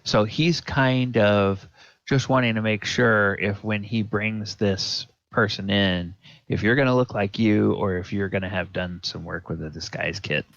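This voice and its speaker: Low voiced dm guy, slow and hesitant, dry close mic. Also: fairly even intonation, creaky, fairly bright tone, no echo, dull audio. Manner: hesitant, full of fillers and restarts. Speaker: dungeon master. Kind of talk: narrating a tabletop game.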